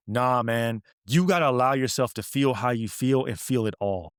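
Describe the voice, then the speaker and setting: A man's voice: mid-range voice, normal speed, few pauses, smooth, dry recording, studio quality. A middle-aged man hosting a podcast, speaking earnestly and directly about grief, repeating phrases for emphasis. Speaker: podcast host. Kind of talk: reflective motivational talk.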